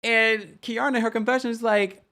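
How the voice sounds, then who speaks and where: A man hosting a casual live-stream recap of a reality show, chatty and playful, reading viewer comments and doing quick quoted voices. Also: extremely high pitch, steady tone, bright, forceful tone.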